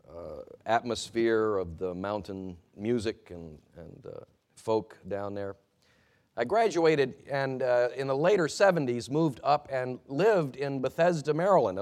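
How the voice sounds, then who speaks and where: A man preaching as a pastor, reading scripture and then giving a sermon in an earnest, measured way with frequent pauses and hesitations. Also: fairly low pitch.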